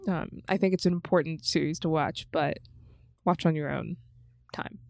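A young adult woman co-hosting a podcast, chatting casually about films with relaxed fillers and laughs. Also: sits low, moderate pace, creaky, no echo, studio quality. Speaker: podcast co-host. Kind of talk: casual movie recommendation chat.

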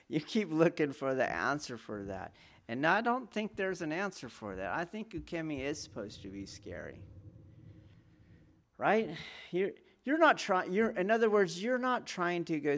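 A man's voice: on the high side, sing-song, normal speed, a bit bright. A man giving a martial arts lesson, talking in a rhetorical way and often checking in with his students. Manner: rhetorical, keeps checking in with "okay?" and "do you see?". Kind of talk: teaching talk to students.

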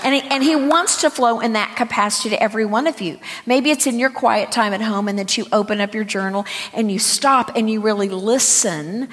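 A woman's voice: fairly high pitch, brisk, hardly any pauses, a bit bright. A woman pastor preaching in an earnest, conversational way, sharing personal testimony and acting out dialogue. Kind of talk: conversational sermon. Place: church sanctuary. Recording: echoey church hall.

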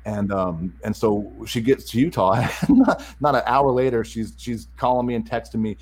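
A middle-aged man telling a story as a guest in a casual chat, animated, repeating words and acting out the dialogue. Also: on the low side, fairly quick, hardly any pauses, husky, low-quality recording.

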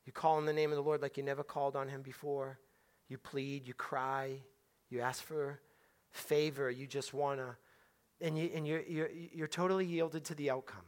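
A man preaching a sermon, repeating words and swinging from hushed tones to loud, slow scripture quotes. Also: medium pitch, flat delivery. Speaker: pastor.

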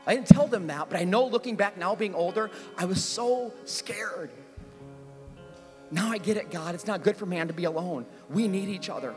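A middle-aged pastor with a high voice preaches, telling a story with animated, self-mocking energy and breaking into squeals as he acts out his younger self. His voice carries through the long reverb of a large hall, with faint music underneath. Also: normal speed. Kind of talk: sermon with personal storytelling.

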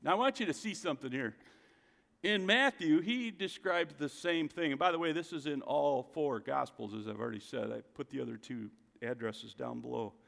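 A man's voice: medium pitch, moderate pace, vocal fry, a bit bright, in a large hall. A man preaching a sermon as a pastor, emphatic, asking his listeners rhetorical questions.

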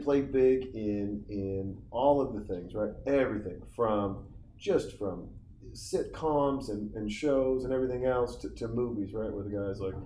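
A middle-aged man from Montana rambles through a casual movie commentary and keeps drifting off topic, now and then swearing. His voice sits a little low and mellow. The room is echoey, with a faint hum of ambient noise behind him. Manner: rambling, profane, easily sidetracked.

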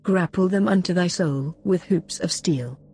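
A woman reads chapter headings in a slow, deliberate, formal delivery. Her voice is low and mellow, with faint music behind. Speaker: announcer. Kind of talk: reading chapter headings and epigraph.

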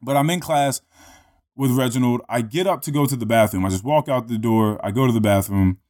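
A man casually telling a long story in a relaxed, profane way, full of fillers like "you know" and "like". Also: mid-range voice, brisk.

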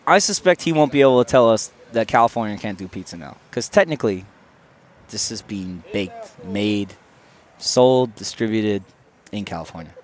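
Lively joking man on a street. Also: fairly low pitch, moderate pace, a little hiss or hum. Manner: joking, crude, lively storyteller. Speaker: podcast co-host. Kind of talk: casual banter. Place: outdoors on a city street, in line.

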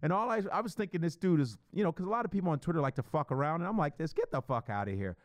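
A middle-aged man hosting a solo podcast, rambling profanely in an animated, stream-of-consciousness monologue. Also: high voice, racing, no echo, clean studio sound. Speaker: podcast host.

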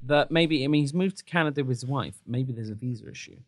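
A man with a British accent co-hosting a casual podcast, quick to joke and banter. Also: medium pitch, no room sound, clean studio sound. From Britain. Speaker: co-host.

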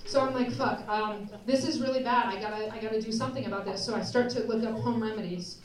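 An American woman telling a story on stage as stand-up, animated and laughing through her lines. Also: a little high, fast talker. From United States. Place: live show before an audience. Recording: live venue, roomy, distant mic, loud crowd.

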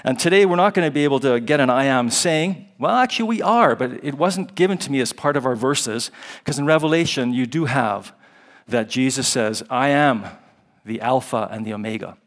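A man's voice: medium pitch, expressive, moderate pace. A man giving a chapel sermon, praying and then teaching from the Bible in a conversational way, with ums and chuckles as he explains Hebrew and Greek words. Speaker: guest chapel speaker. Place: college chapel.

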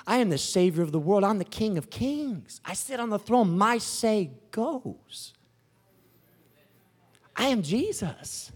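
A man voicing a calm, commanding male savior who speaks slowly and solemnly. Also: high-pitched, slightly rough, big-room sound, voice pushed up, full character voice. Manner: slow, solemn, reassuring.

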